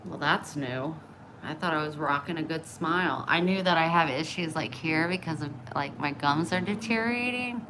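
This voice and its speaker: A woman's voice: low voice, normal speed, noisy background. A middle-aged woman talking bluntly and openly in a casual vlog, oversharing about her personal life. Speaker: vlogger. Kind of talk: candid casual chat.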